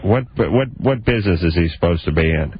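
A man's voice: low voice, lively intonation, brisk, background noise. A man co-hosting a late-night call-in radio show, blunt and mocking as he grills a caller. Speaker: radio co-host. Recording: muffled radio broadcast audio.

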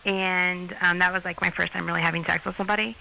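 Young woman calling a radio show, halting and unsure, bright edge, light hiss. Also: fairly low pitch, steady tone, gravelly, low-quality recording. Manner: hesitant, halting, many ums. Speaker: caller. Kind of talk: call-in radio advice.

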